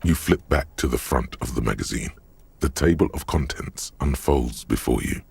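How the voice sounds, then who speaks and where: Wry game narrator: very low, dry close sound, sardonic second-person storytelling. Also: male voice, lively intonation, moderate pace, vocal fry, a little mellow, husky, no echo, heavily acted. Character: deep-voiced male narrator, dry and wry. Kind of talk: scripted voiced narration.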